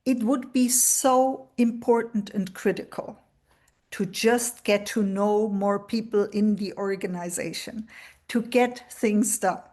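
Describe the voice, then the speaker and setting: A woman's voice: mid-range voice, fairly even intonation, slow, a little mellow. A woman who works as a coach, speaking earnestly in a panel discussion over a video call.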